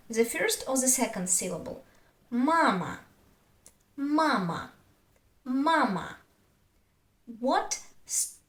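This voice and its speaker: A woman with a Russian accent, a Russian speaker teaching beginners in English, slowly repeating each example word for her learners. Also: high-pitched, roomy sound. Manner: slow, patient, repeats words for learners. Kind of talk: beginner language lesson.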